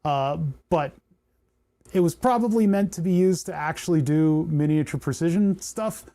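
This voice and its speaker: A man's voice: a little high, normal speed, warm tone. A man chatting casually on a livestream while he solders, thinking aloud and talking to the parts in his hands. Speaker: electronics livestreamer.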